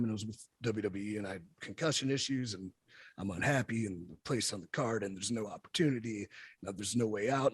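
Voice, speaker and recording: A man's voice: medium pitch, husky, no room sound. A man, a wrestler guest, telling stories in a casual interview, blunt and profane. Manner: blunt, profane, animated storyteller.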